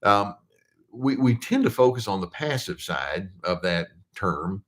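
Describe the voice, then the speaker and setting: A man's voice: on the low side, expressive, fairly bright tone. An older man, a therapist, answering viewer questions in casual explanatory talk, with plenty of fillers and restarts. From United States. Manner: conversational, with frequent fillers and restarts; reads questions aloud slowly and deliberately.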